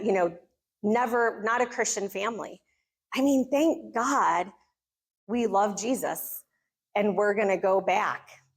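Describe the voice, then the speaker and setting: A middle-aged American woman speaking to a church gathering, telling a personal story in an earnest, animated way. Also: medium pitch. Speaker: conference speaker. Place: church hall.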